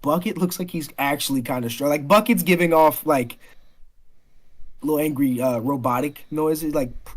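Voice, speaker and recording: A man running a tabletop game as its dungeon master, his voice sitting a little high for a man. He narrates loosely, laughs often and swears freely between scenes. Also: normal speed.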